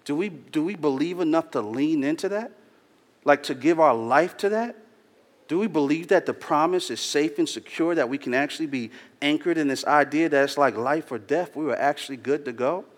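A man's voice: on the high side, normal speed. Slangy preacher man in a reverberant church. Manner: casual storytelling preacher, slangy and earnest. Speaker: pastor. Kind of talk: sermon. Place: church hall. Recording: long hall reverb.

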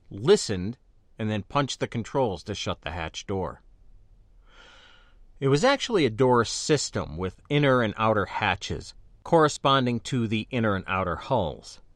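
Low voiced guy narrating a sci-fi story, lots of pitch movement, dry close sound. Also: no room sound. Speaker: audiobook narrator. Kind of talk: first-person fiction narration.

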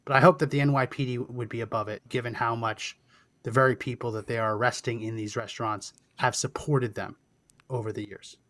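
An earnest man with a mid-range voice makes his case in a talk-show conversation. He speaks in a measured way and restarts now and then. The recording is dry and close. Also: mid-range voice, fairly even intonation, fairly bright tone, dry recording. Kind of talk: casual discussion.

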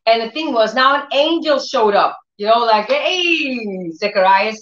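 A woman giving an informal sermon, telling lively stories and acting out what people say in other voices. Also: on the high side, normal speed. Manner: animated storyteller who acts out quotes in other voices. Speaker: preacher. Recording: roomy, dull lo-fi sound.

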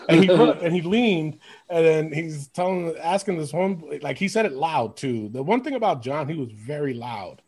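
A man hosting a podcast, telling stories in an animated, casual way, laughing often and swearing. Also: a little high, normal speed, husky. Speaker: podcast host. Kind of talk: casual chat.

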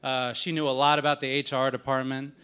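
A man's voice: mid-range voice, flat delivery, brisk, pushed and bright, clear, resonant tone. Wry man telling a story on stage. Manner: wry, self-deprecating, conversational. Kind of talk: live storytelling. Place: stage at a live story event.

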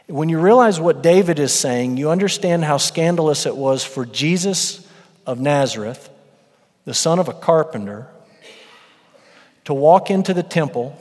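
Male pastor in his thirties, slightly raised pitch, earnest sermon delivery, reverberant church room. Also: darkish tone. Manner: earnest, building to emphatic peaks. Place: church sanctuary. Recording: long hall reverb.

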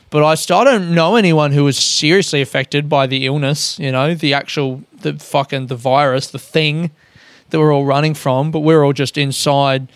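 A man's voice: fairly high pitch, clear, resonant tone, no room sound. An Australian man talking in a loose, rambling solo monologue as a podcast host, swearing often and poking fun at himself. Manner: sweary, rambling, self-mocking.

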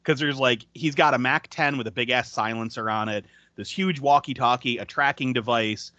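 A man's voice: medium pitch, normal speed, bright, forceful tone, dry recording, lo-fi sound. A man co-hosting a podcast, recapping a movie in casual chat, swearing freely and laughing often. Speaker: podcast co-host.

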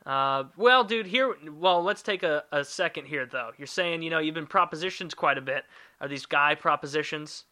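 A man hosting a laid-back podcast with a fairly high, bright, forceful voice. He rambles through listener questions, swears freely and hums filler syllables while he finds his place. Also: moderate pace. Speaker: podcast host. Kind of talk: casual podcast chat, reading listener questions.

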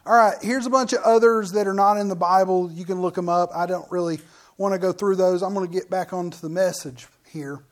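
A man's voice: high voice, fairly even intonation, brisk. A middle-aged man preaching a sermon as pastor, in a folksy, joking, conversational way.

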